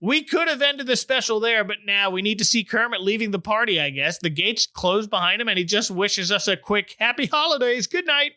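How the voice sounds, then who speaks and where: A man's voice: high-pitched, a little fast, few pauses, pushed and bright, no echo, clean studio sound. A middle-aged man hosting a casual chat recap, wry and joking. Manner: wry, joking, puts on silly voices for quotes. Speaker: podcast host recapping a TV special.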